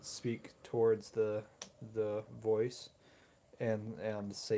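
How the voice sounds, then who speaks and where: A man's voice: on the low side, little pitch movement, extremely slow, dark tone, a little hiss or hum. A man playing a tabletop game, speaking hesitantly and thoughtfully with many fillers. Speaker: player.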